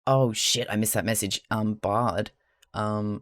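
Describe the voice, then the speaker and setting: A man's voice: fairly low pitch, fairly even intonation, a little slow, creaky, fairly bright tone, dry recording, studio quality. An Australian man who streams live, talking casually and chattily to his chat while he crafts, rambling a little, laughing often and swearing freely.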